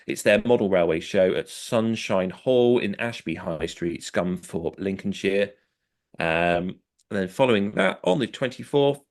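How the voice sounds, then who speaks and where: A British man co-hosting a podcast, reading event listings in a relaxed, chatty way with lots of fillers and self-deprecating laughs. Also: fairly low pitch, vocal fry. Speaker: podcast co-host.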